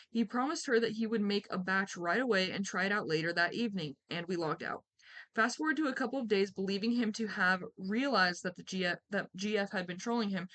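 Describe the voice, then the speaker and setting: A woman's voice: mid-range voice, a bit bright. Young female streamer, casual read-aloud, giggly rambling asides.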